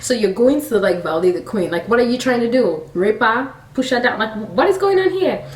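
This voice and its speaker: A woman's voice: medium pitch, a little fast, darkish tone, natural voice. A woman voicing an angry, commanding ancient king who fires off indignant questions. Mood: demanding. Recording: roomy sound from a distant mic.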